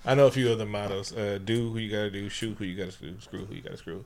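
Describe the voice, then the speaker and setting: A man's voice: fairly low pitch, steady tone, quick pace, darkish tone. A man co-hosting a podcast, casually recapping a movie in a loose, profane, joking way. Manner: loose, profane, laughing storyteller. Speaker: podcast co-host.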